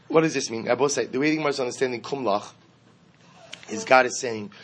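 A man's voice: mid-range voice, a little fast, a bit bright, husky. A man giving a Talmud class. He reads Hebrew and Aramaic text, translates it, and explains it, raising his voice with emphasis when he speaks the lines of the figures in the text. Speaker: Talmud teacher.

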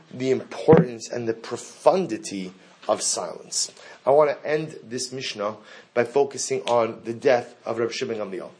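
A middle-aged man teaches a Torah class, guiding listeners through a text with rhetorical questions and repeated key phrases for emphasis. He's emphatic, his mid-range voice rising sharply when he reads Hebrew and Aramaic aloud, with background noise behind him.

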